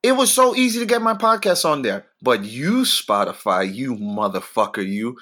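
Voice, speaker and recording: A young man rants comically on his own podcast, animated and swearing freely. His voice is bright, his pace moderate, and his pitch leaps without warning.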